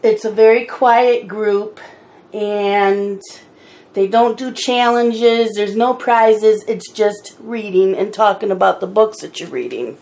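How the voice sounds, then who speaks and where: A middle-aged woman talks in a slow, unhurried way while she colors. Her chat is easygoing with mildly exasperated asides, and hiccups break in now and then. Her voice sits at an ordinary pitch. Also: level tone, darkish tone. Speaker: coloring channel host.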